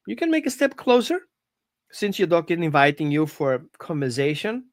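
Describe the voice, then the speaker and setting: A dog trainer gives an informal live-stream lesson from home. The delivery is animated and conversational, with a coaching tone that keeps asking the listener to follow along. The voice sits at a middle pitch. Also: normal speed, no echo, clean studio sound.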